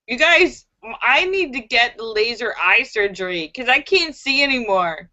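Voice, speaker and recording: A woman's voice: a little high, lively intonation, slow, sharp tone, muffled recording. A woman hosting a casual live stream, chatting, reading viewer comments and telling jokes with frequent giggles.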